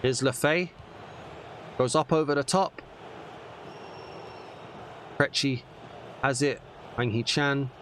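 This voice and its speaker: Bright-voiced gaming commentator. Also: male voice, mid-range voice, takes it slowly, pauses often, slight background noise. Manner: animated, bursts into shouts at goals; mutters and grumbles when frustrated. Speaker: gaming YouTuber. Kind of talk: gameplay commentary.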